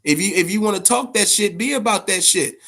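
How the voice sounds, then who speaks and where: A man hosting a boxing podcast, talking casually and profanely, telling stories in an animated way with big swings in pitch. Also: a little fast, vocal fry. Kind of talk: casual unscripted commentary.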